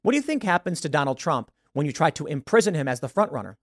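A man delivers solo commentary as a show host, emphatic and opinionated and fond of rhetorical questions. His voice sits a little higher than most men's. The sound is dry and close, with no room around it. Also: sing-song, fast talker, dry recording.

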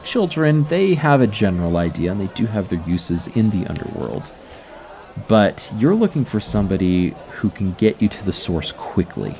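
A man running a tabletop game as game master, narrating scenes in a drawn-out, descriptive way with chuckles. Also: on the low side, a little mellow.

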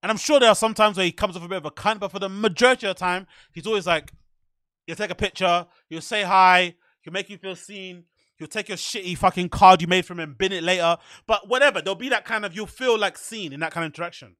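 A man with a high, bright voice tells loose, profane stories in a casual podcast chat. He rambles and doubles back through his anecdotes. The sound is dry and close. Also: fast talker, dry recording. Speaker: podcast host.

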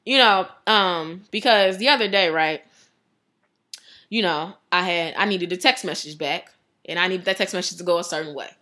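A woman giving a casual devotional talk, chatty and animated, laughing often and saying "like" a lot. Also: fairly low pitch, moderate pace. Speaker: devotional speaker.

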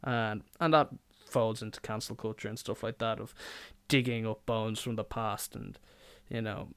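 A man's voice: lowish voice, fairly even intonation, normal speed, a bit bright, clear, resonant tone. A young adult man, hosting a podcast in a rambling, jokey, profane monologue. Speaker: podcast host.

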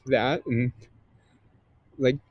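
A man's voice: medium pitch, level tone, drawn-out words, breathy edge, no echo, highs cut off. A man, a guest and content creator, chatting casually in an interview with a slightly nasal voice, rambling with many fillers and restarts.

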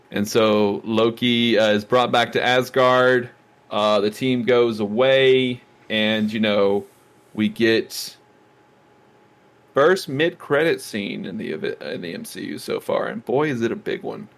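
A man co-hosting a casual movie review podcast, retelling scenes with lively, excited outbursts. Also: lowish voice, slow pace, gravelly. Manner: animated storytelling, acts out scenes with excited outbursts. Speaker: podcast co-host.

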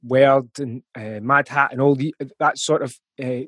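A man's voice: mid-range voice, fairly even intonation, unhurried, fairly bright tone, no echo. A man with a Scottish accent, a musician guest in a casual interview, talking thoughtfully with frequent ums and restarts. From Scotland.

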